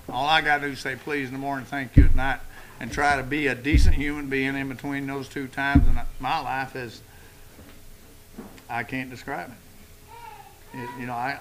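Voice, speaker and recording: A middle-aged man speaking at a recovery meeting podium, telling stories in a folksy, profane way with dark humor. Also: a little high.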